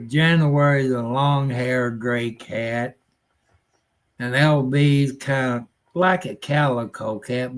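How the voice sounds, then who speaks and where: Live-stream host, older man, unhurried folksy rambler with a plain middle-pitched voice. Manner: folksy, rambling, grumbling, with rural nonstandard grammar. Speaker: livestream host.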